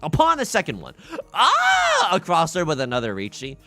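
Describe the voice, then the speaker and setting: Excitable gravelly male game streamer. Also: sits high, moderate pace, faint music behind. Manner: wildly swinging, shouts and cries out, laughs often. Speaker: streamer playing online mahjong. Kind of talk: casual live-stream commentary.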